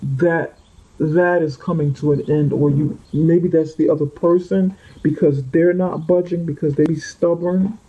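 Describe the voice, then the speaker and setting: A man's voice: on the high side, steady tone, measured pace, warm tone, husky. A man giving a rambling, unscripted tarot reading who often repeats and corrects himself. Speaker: tarot reader. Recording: muffled lo-fi audio.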